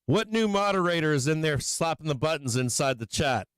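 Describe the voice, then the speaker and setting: A man's voice: fairly high pitch, lively intonation, a little fast, a bit bright, smooth, no room sound, clean studio sound. A man hosting a stock market livestream, chatting casually, a little tipsy, swearing a lot and laughing often. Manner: profane, rambling, laughing often. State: tipsy from drinking. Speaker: livestream market show host.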